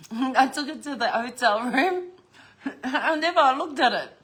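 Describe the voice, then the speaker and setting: A woman's voice: high-pitched, fairly bright tone. Chatty New woman vlogging. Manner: chatty, swears freely, laughs often. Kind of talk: casual unboxing chat.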